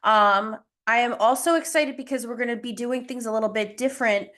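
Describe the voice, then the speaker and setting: A young adult woman coaches a group over a video call in a casual live lesson. Her voice sits on the high side with a fairly bright tone, and she talks a little fast. She's chatty, pokes fun at herself, and sounds slightly out of breath.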